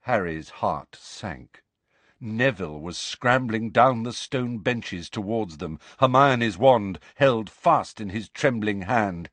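A male narrator reads an audiobook with dramatic, expressive storytelling, his pitch rising and falling in lively swings. He keeps an unhurried, measured pace, and the recording sounds dry and close. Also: no room sound.

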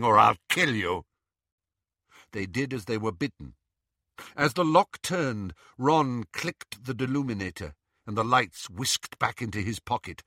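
A man narrating an audiobook in an expressive, measured way. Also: medium pitch, dry recording, studio quality.

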